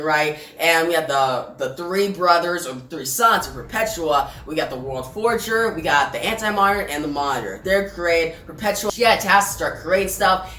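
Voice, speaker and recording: A woman's voice: low voice, a bit bright. Chatty woman reviewing comics, roomy sound. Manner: chatty, repeats words and asks viewers. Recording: roomy and distant, faint music.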